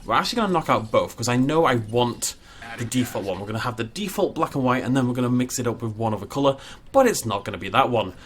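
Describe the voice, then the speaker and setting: A man's voice: mid-range voice, animated, fast. A man giving casual, self-mocking commentary while building a park in a game, chatty with jokey asides. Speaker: gaming YouTuber.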